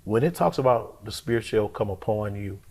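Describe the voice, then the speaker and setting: A man, a pastor and guest, telling a personal testimony in an interview, colloquial and expressive, acting out what he said to himself. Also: lowish voice, a little fast. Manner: expressive, colloquial storyteller who acts out his own inner voice.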